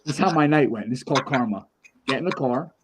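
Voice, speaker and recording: A man's voice: medium pitch, animated, fast talker, background noise. A man on a podcast spins a personal story in loose, casual chat. He acts out every voice in it and swears freely, in an ordinary mid-range voice. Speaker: podcast co-host.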